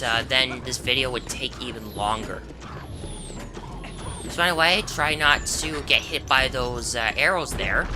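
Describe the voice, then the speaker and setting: A woman giving casual, rambling gameplay commentary, full of asides and fillers. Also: very deep voice. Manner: chatty, rambling, frequent "uh" and "anyway". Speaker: game commentator. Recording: game music behind voice.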